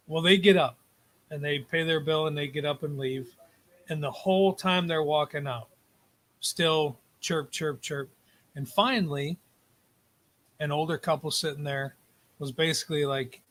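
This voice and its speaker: Casual talk-show co-host, male, slightly high voice, animated storyteller who swears freely. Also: moderate pace. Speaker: podcast co-host.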